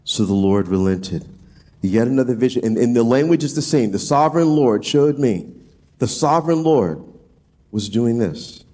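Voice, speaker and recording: A man teaching from scripture in a sermon, his voice swinging up and down with lively, expressive pitch. He keeps a casual, thinking-aloud manner, doubling back on words as he explains. His voice sits in a middle pitch for a man. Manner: animated, acts out quoted pleas in a high voice. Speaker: preacher. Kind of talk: expository Bible teaching.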